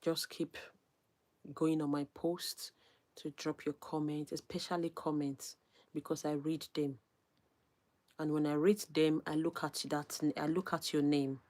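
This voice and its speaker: Casting: female streamer, low voice, soft near-whispered asides, live shout-outs. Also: little pitch movement. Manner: reads viewer names, gives shout-outs; soft, unhurried, drops to near-whisper at times. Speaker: YouTuber hosting a livestream. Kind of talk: casual livestream chat, reading comments.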